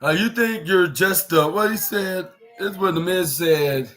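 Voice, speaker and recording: A man's voice: sits high, unhurried, a bit bright, faint music behind. A young man hosting a podcast, recapping a wrestling show in a rambling way and acting out the quoted lines. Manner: rambling, many restarts, acts out quoted lines. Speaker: podcast host.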